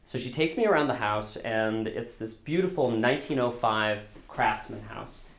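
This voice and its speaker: Speaking at normal speed with a medium, slightly bright pitch, a man recounts something from his own life in a roomy-sounding small live storytelling venue. He keeps it casual, pokes fun at himself, and acts out each line of dialogue.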